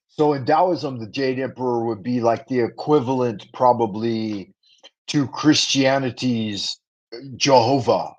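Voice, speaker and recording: A man hosting a casual livestream food review, talking to his viewers in a playful, chatty way with rhyming patter and asides. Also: medium pitch. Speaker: livestream host. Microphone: livestream setup.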